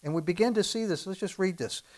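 A man preaching a sermon and reading scripture aloud, swinging from loud to soft and firing rhetorical questions at his listeners. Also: high voice, fast.

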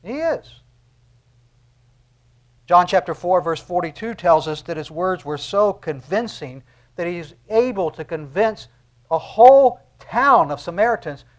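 A man with a fairly high voice delivers a sermon. His preaching is earnest and conversational, and he leans on repeated phrases to drive each point home.

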